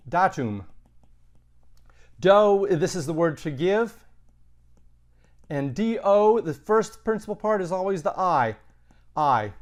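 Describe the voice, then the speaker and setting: A man teaching a Latin lesson, thinking aloud with casual asides. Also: high-pitched. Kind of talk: recorded lesson.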